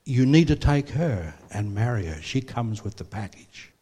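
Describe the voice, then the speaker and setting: A man's voice: mid-range voice, very animated, normal speed, mellow, slightly rough. An older man with an Australian accent, preaching a sermon and telling personal stories, with a rambling delivery full of fillers and restarts.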